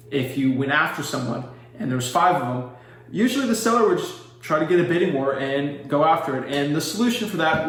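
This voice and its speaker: A man coaching on real estate wholesaling, direct and salesy, acting out his rehearsed pitch lines. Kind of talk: instructional talk with sample sales pitches. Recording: very echoey room.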